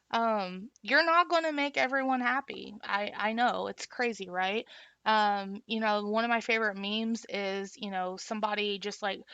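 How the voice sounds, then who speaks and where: Chatty bright-voiced woman, dry close mic. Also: medium pitch, clean tone, no echo. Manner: chatty, rambling, with frequent fillers and restarts. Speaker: instructional designer sharing networking advice. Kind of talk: casual livestream talk.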